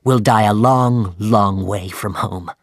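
A man's voice: fairly low pitch, takes it slowly, dry recording, clean studio sound. A man voicing a ship's first mate who begs his captain to turn back. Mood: torn, quiet. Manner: pleading, urgent.

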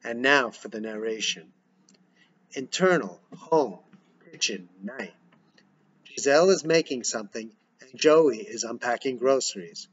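Guy reading stage directions out flat, dull lo-fi sound. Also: medium pitch, measured pace. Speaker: script reader. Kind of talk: reading a screenplay aloud. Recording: dull lo-fi recording.

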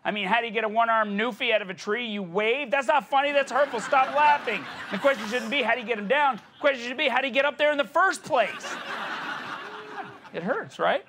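Sarcastic bright-voiced man bickering. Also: extremely high pitch, a little fast, slight background noise. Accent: Canadian. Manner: bickering, sarcastic, mock-indignant. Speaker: comedy sketch performer. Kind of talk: satirical sketch debating himself.

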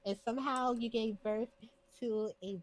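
A woman's voice: a little high, steady tone, measured pace, natural voice, low-quality recording. A woman voicing a sassy, blunt daughter with attitude in a game role-play, sarcastic and slangy. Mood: mocking.

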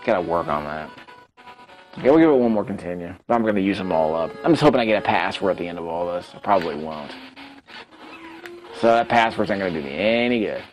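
Man, low voice, lively up-and-down delivery, casual gameplay commentary, self-critical, faint game music. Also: fast, rough recording. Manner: chatty, self-critical, talks to himself while playing. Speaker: let's play host.

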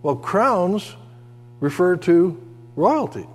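Older male pastor, high voice, folksy preacher in a reverberant church hall. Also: slow pace, husky. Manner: folksy storytelling, animated asides. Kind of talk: sermon. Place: church sanctuary.

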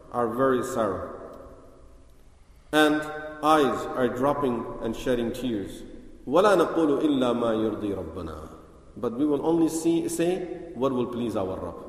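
A man giving a religious lecture, reciting Arabic quickly and then explaining it slowly in English. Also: medium pitch. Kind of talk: Islamic lecture explaining hadith. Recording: echoey hall with long reverb.

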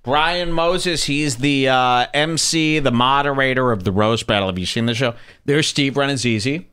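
A man's voice: medium pitch, normal speed, clear, resonant tone. A man hosting a podcast, talking casually and sarcastically as he comments on video clips in a studio. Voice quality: sarcastic, animated storyteller. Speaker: podcast host. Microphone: studio microphone.

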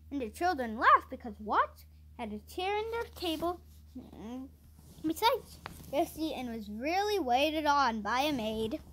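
A woman reads a children's storybook aloud in a high voice that rises and falls a great deal. She goes at an unhurried pace and sometimes stumbles and restarts a word. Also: fairly bright tone. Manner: unhurried reading with small slips and restarts. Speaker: audiobook reader.

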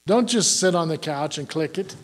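Older man, pastor, folksy joking sermon, fairly high voice, calls out to the congregation. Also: animated, moderate pace.

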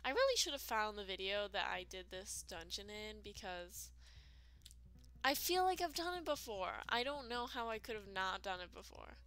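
A woman's voice: medium pitch, lively intonation, normal speed, a bit bright. A woman giving casual, rambling let's-play commentary, full of fillers and self-deprecating asides. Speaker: gaming video creator.

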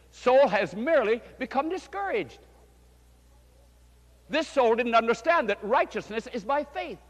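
A man's voice: sits high, fairly bright tone. An older man, a pastor, preaching a storytelling sermon with fervent emphasis. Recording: long hall reverb.

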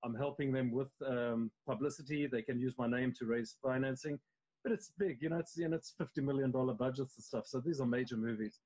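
A man's voice: mid-range voice, steady tone, fairly quick, warm tone, slightly rough. South African man, dull stream audio. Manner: loose and conversational, with many restarts. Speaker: actor guest. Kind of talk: casual interview chat.

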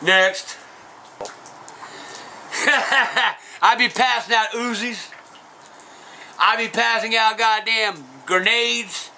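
A cranky old trailer-park man, played by a man rants through a comedy Q&A in a strikingly high, piercing voice. He swears constantly, rambles off topic and insults whoever asked the question. His delivery is bright and edged rather than gruff. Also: very slow, long pauses, slight background noise, full character voice, rough recording. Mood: grumbling. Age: older. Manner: profane, rambling, insulting ranting. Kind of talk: comedic character Q&A.

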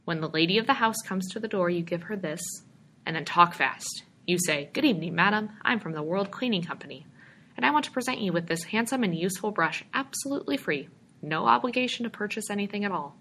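A woman's voice: on the low side, animated, brisk, pushed and bright, a little hiss or hum, rough recording. A woman reading aloud, voicing a little middle-aged male stranger who is a patient, coaxing brush peddler. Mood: salesman patter.

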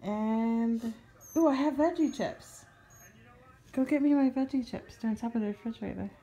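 Her voice a little high and dark in tone at normal speed, with the highs cut off, a thirty-something vlogger holds a camera at arm's length and vents, often from her car. She's chatty and weary at first, then grows upbeat.

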